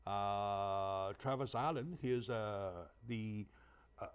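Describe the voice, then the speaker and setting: A man's voice: lowish voice, slow pace, clear, resonant tone. Emphatic male talk show host. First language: Chinese. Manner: emphatic, asks rhetorical questions, frequent "right?". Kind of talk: animated interview talk.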